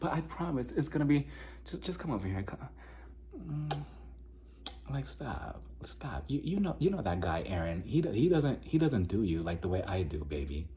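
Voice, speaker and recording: A man doing a low, hushed, pleading ex-boyfriend. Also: quick pace, hardly any pauses, lightly acted. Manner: soft, crooning, murmured pleas.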